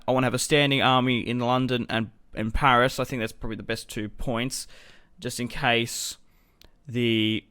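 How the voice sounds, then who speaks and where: A man's voice: medium pitch, a bit bright, clear, resonant tone, dry recording. A young man giving casual commentary over a strategy game, thinking aloud as he plans his moves. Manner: thinking aloud, musing and unhurried. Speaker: gaming video host.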